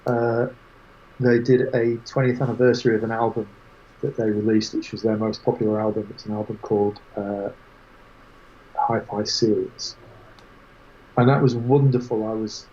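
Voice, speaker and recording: A man's voice: lowish voice, normal speed, long pauses. Man telling stories, muffled sound. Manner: animated anecdote telling with quoted voices. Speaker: guest photographer. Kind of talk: casual storytelling interview.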